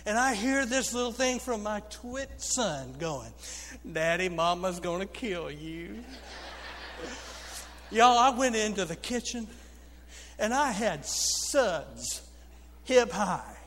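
A pastor preaching a sermon, telling funny stories and calling out to the congregation. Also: male voice, high voice, very animated, takes it slowly, a bit bright, a little hiss or hum. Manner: storytelling preacher, humorous asides to the congregation. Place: church sanctuary. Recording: long reverb of a church hall.

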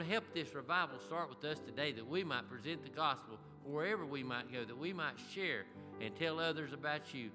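A man leading an earnest spoken prayer in church, often repeating "Lord Jesus". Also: on the high side. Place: church sanctuary. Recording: hall reverb with organ music.

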